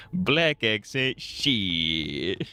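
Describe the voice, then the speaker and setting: A man's voice: fairly low pitch, very animated, extremely slow, bright, forceful tone, smooth. A man streaming a game with casual, rambling commentary, crude and laughing at his own jokes.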